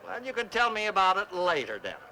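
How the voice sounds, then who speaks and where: A man's voice: high-pitched, huge pitch swings, fast talker, noisy background, exaggerated voice. An actor voicing a fussy, grumpy older male neighbor in a cartoon, blustery and exasperated. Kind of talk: cartoon voice acting.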